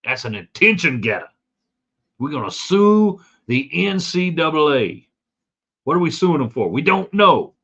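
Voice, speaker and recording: A man's voice: mid-range voice, very animated, fairly quick, hardly any pauses, bright, forceful tone, breathy edge, highs cut off, exaggerated voice. A man putting on a mocking drawl to play a blustering male politician vowing to sue. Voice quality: drawling mock twang.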